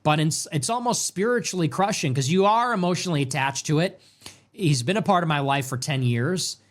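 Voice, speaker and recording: A young adult man hosting a political commentary show, delivering a sarcastic, emphatic rant that swings between loud jabs and low mutters. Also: animated, fairly quick. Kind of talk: ranting political commentary monologue.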